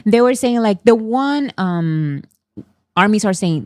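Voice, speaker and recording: A woman's voice: mid-range voice, lively intonation, slow pace, a little mellow, dry recording, clean studio sound. A woman hosting a casual commentary, translating fan clips in a chatty way with fillers and restarts. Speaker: host.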